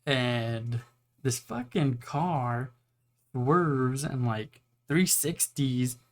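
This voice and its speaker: A man's voice: medium pitch, very slow. A young man casually retelling an anime plot, rambling and swearing, now and then acting out the characters' lines. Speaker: anime reviewer.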